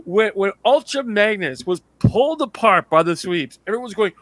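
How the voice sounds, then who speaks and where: A man co-hosting a casual podcast chat, telling animated stories, laughing often and acting out other people's lines. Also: high voice, normal speed, dry recording. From Canada. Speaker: podcast co-host.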